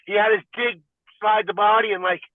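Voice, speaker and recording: A man's voice: sits high, fairly quick, dry recording. Rambling man on a tinny line. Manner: rambling and animated, heavy filler "like". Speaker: podcast guest, fighter and wrestler. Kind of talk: casual interview chat.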